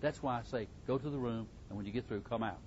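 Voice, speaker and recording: A man's voice: medium pitch, quick pace, darkish tone, highs cut off, a little hiss or hum. Folksy man giving parenting advice. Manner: folksy, repeats himself, chuckles. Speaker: parenting speaker. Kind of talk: casual talk to a live group.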